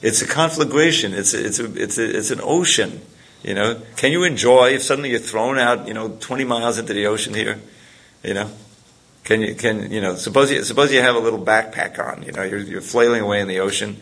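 A man's voice: lowish voice, brisk, a bit bright. A man telling a scripture story in a rambling way, with many restarts and chuckles. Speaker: spiritual teacher. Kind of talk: storytelling talk to a group.

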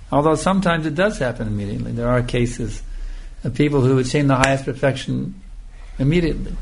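A man giving a scripture lecture as a spiritual teacher, speaking slowly and emphatically and repeating phrases for emphasis. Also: mid-range voice, gravelly, slight background noise.

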